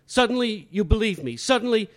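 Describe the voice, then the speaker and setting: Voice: medium pitch, expressive, brisk, natural voice. An actor playing a young mother who speaks in a cutting, sarcastic way. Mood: accusing. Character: bitter, distraught young mother. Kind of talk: audio drama acting.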